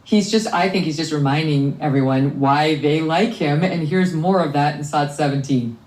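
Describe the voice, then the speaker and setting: A woman's voice: sits low, normal speed, darkish tone, roomy sound, poor audio. A woman hosting a talk show, introducing clips with amused commentary. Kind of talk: broadcast commentary.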